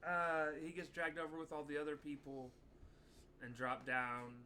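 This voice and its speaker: A man walks through an episode's plot beat by beat on a podcast, with plenty of ums along the way. His voice is bright and forceful, and faint background noise sits under it. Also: fairly high pitch, moderate pace. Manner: plot-summarizing, steady, many ums. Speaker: podcast co-host. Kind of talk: casual episode recap.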